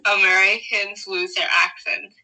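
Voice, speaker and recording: Young woman co-host, bright edgy voice, unhurried, playful musing. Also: medium pitch, little pitch movement, poor audio. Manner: playful, muses aloud with puzzled questions. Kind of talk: casual chat.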